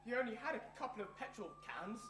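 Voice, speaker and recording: An actor playing an earnest young male student protester on stage, pleading quickly. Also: very high voice, lively intonation, echoey room, noisy background. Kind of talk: stage play performance.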